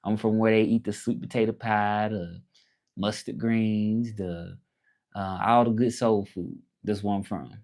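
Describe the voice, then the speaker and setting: A man's voice: fairly low pitch, steady tone, measured pace, darkish tone. A man with a Southern accent from Memphis, chatting loosely on a livestream and greeting viewers from his laptop. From Memphis, Tennessee. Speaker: livestream host. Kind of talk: casual livestream chat. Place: indoors at a laptop.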